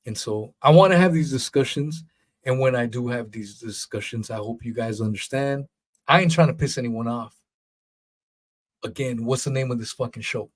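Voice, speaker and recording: A man's voice: mid-range voice, normal speed. Blunt profane man hosting a podcast. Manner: blunt, profane, rambling, mocks others in put-on voices. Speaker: podcast host. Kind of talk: casual solo monologue.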